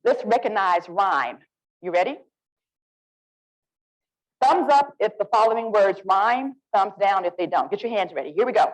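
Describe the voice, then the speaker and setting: A woman with an Alabama Southern accent, leading a lively, interactive literacy workshop and coaxing the audience to join in. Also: medium pitch, normal speed, long pauses, low-quality recording. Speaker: literacy presenter.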